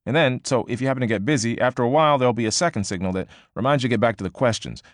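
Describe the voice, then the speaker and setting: A man voicing an upbeat office trainer who explains things quickly and chattily in a slightly raised voice. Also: mid-range voice, no echo, studio quality, voice pushed up, close to an everyday voice. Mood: breezy, encouraging. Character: upbeat male office trainer, brisk and eager.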